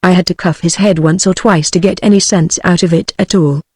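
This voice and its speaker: A text-to-speech British woman's voice reading the lines of a cheerful, bold male otter in even, synthetic tones. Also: on the low side, fairly quick, husky, dry recording, studio quality. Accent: British English.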